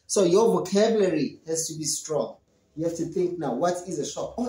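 An English teacher giving an online lesson to young children, slowly repeating and drilling questions and answers. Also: medium pitch, warm tone, echoey room, low-quality recording.

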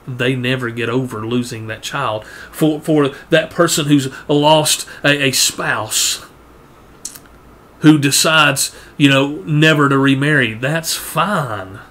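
A man preaching a sermon, earnest, often repeating words and rising in pitch to press a point. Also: takes it slowly, fairly bright tone.

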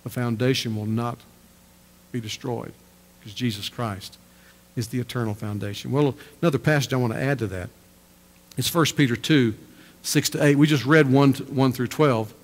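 A man's voice: mid-range voice, moderate pace. A man preaching a sermon as pastor, emphatic and repeating his phrases for effect. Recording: church hall reverb.

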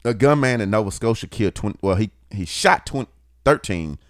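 A man's voice: lowish voice, expressive, a little fast, no room sound, clean studio sound. A man co-hosting a podcast, chatting casually and teasing his co-host with a laid-back manner. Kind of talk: casual chat.

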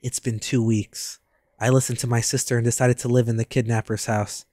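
A man voicing a glum twelve-year-old boy who narrates his strange home life in a low, subdued, flat way. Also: fairly quick, dry recording, clean studio sound, lightly acted.

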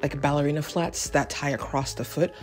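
A woman's voice: low voice, fairly even intonation, brisk, a little mellow, faint music behind. Rambling jokey young woman vlogger. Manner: rambling, self-deprecating, jokey asides. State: out of breath. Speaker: fashion vlogger. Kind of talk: casual chatty vlog.

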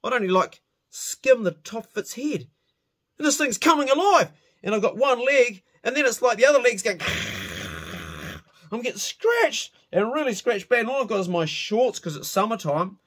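A man's voice: very high voice, very animated, moderate pace, a bit bright, husky. A middle-aged man telling a rowdy personal story in a casual spoken way, swearing freely and laughing at himself.

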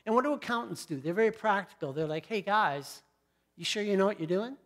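A middle-aged man delivers a sermon in a fairly high voice. He retells the story in a conversational way and turns to the congregation with asides and questions. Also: lively intonation, fairly quick, a bit bright. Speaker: pastor.

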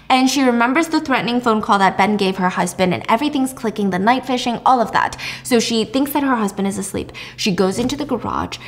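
Chatty woman recapping a story. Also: fairly high pitch. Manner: chatty, animated, with asides. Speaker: podcast host.

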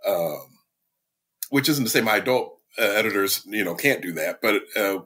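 A man, an author and middle school teacher, telling animated stories as a podcast guest, laughing often and mimicking his students. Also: fairly low pitch, normal speed, slightly rough. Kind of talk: casual storytelling interview.

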